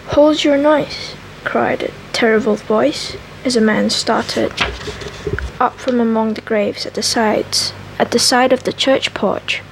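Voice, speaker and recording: A woman with a slightly raspy, scraggly voice reading a classic novel aloud in soft ASMR style, stumbling and correcting herself. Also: a little high, fairly even intonation, a little hiss or hum, rough recording. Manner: slow, careful reading with frequent self-corrections. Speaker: ASMR reader.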